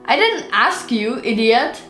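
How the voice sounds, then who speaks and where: A woman's voice: a little high, very animated, takes it slowly, pushed and bright, voice pushed up, heavily acted. A woman voicing a rude, pushy young male waiter in a storybook reading, snapping at people. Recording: roomy with faint music.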